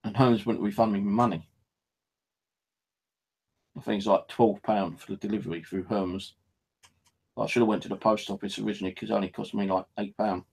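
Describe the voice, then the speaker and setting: A man's voice: steady tone, brisk, gravelly, long pauses, darkish tone, slightly rough, poor audio. Sweary grumbling man. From United Kingdom. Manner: grumbling, sweary, mimics phone bleeps in a high voice. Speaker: vlogger. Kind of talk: casual rambling monologue.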